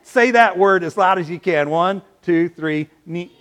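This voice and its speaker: Male pastor, high and lively voice, unhurried sermon delivery with playful audience back-and-forth. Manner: animated, playful, asks the audience questions. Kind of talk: sermon with congregation interplay.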